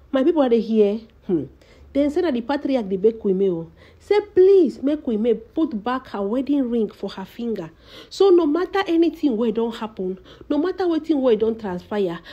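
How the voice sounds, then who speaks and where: A woman with a Nigerian Pidgin English accent relays celebrity gossip in a dramatic storyteller's way, calling out to her audience again and again. Her voice is mellow and slightly husky. The recording sounds dull and lo-fi. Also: a little high. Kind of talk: casual gossip commentary.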